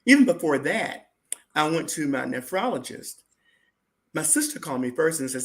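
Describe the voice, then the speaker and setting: Gravelly, lively-voiced man telling his story. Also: a little high, normal speed. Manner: animated, acts out what others said. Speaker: interview guest, chef. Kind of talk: personal storytelling in an interview.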